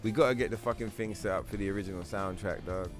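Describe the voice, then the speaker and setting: A man's voice: fairly low pitch, quick pace, over music. A man hosting a game livestream, telling rambling, profanity-filled stories and chatting casually with viewers. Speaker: livestream host. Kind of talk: casual gameplay stream chat.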